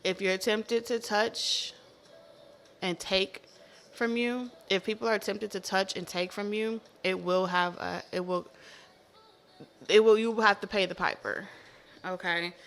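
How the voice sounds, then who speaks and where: A woman giving a casual tarot reading to camera, animated and profane, repeating herself with laughing asides. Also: medium pitch, a little slow, pauses often. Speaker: tarot reader.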